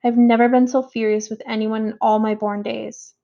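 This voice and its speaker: A woman reading the lines of a mother who speaks to her son in a quiet, steady way. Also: fairly high pitch, moderate pace, vocal fry, lo-fi sound. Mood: quiet, calm.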